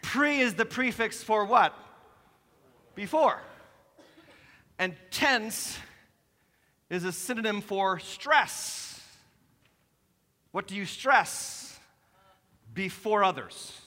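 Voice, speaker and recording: A male lead pastor preaching a sermon, animated and joking, with sudden loud bursts and soft asides. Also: sits high, extremely slow, pauses often. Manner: animated, jokey preaching with sudden shouts and drops to soft tones. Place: church sanctuary. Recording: preached in a hall with long reverb.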